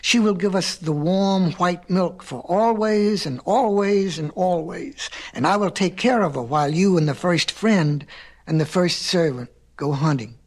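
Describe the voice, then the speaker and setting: A man's voice: sits high, a little slow. A man reading a wise, scornful cave woman. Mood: proud. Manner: mocking, commanding. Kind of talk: storybook reading.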